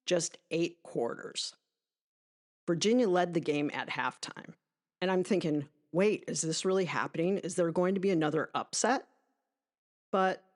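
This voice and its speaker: A woman hosting a podcast, reading a scripted sports monologue in a conversational, emphatic way with asides to the listener. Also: sits low. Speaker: podcast host.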